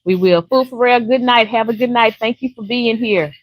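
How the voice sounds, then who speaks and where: A woman's voice: on the high side, moderate pace, dry recording, low-quality recording. An older woman from Louisiana, chatting casually and laughing often with viewers on a live stream. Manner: chatty, laughs often, warm folksy talk.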